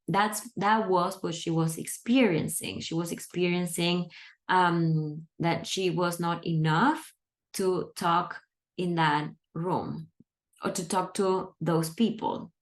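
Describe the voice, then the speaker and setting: A woman's voice: on the low side, steady tone, slow. A woman teaching English, reading a book aloud and patiently explaining its grammar and vocabulary step by step.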